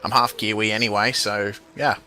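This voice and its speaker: Aussie male driver guest, very bright tense voice, easygoing. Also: on the low side, little pitch movement, moderate pace, slight background noise. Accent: Australian. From Australia. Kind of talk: casual interview chat.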